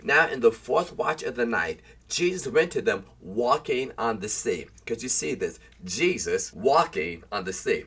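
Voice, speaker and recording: Husky-voiced man preaching a sermon. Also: medium pitch, fairly bright tone. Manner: earnest preaching that mixes read scripture with plain exhortation.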